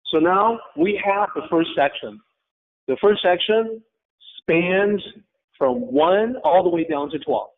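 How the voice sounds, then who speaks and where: A man leads a lesson with patient explanations, his voice sitting a little high. He talks in short, halting phrases and pauses to ask the class questions. The sound is thin and tinny, like a phone call. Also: very animated, gravelly. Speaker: teacher. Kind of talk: online class lecture.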